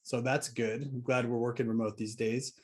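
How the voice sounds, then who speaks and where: A middle-aged man tells a story from his own life in a loose, casual way. His voice sits at an ordinary middle pitch, and his tone is wry and fed up, with dry sarcasm slipped in along the way. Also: level tone, moderate pace. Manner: wry and exasperated, with sarcastic asides. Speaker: vlogger.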